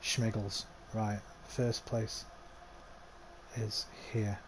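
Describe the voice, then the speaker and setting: A man's voice: lowish voice, flat delivery, extremely slow, background noise. A man giving casual let's-play commentary, talking to himself and swearing freely. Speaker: gaming livestreamer.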